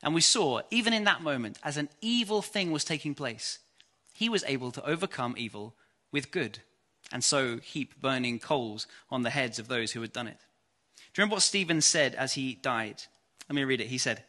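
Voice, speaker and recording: An English man preaching an earnest, measured evening sermon and reading scripture aloud. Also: mid-range voice, expressive, sharp tone.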